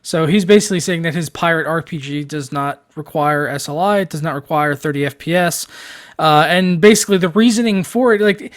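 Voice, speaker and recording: A man co-hosting a casual tech news show, animated and mocking, often repeating his words. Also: a little high, a little fast. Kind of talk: casual tech podcast chat.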